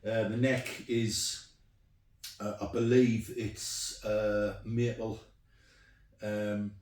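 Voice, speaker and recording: Man, middle-aged, chatty guitarist, lowish voice, echoey room, off mic. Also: flat delivery, very slow, darkish tone, distant mic. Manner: chatty, rambling, many ums and uhs. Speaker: guitarist showing his guitars. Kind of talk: casual show-and-tell.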